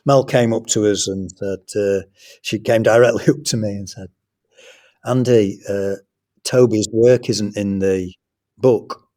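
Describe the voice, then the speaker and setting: Earnest man, lowish voice. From England. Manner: earnest, animated anecdote telling with quoted dialogue. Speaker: guest, school trust academic leader. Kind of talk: storytelling in a podcast interview.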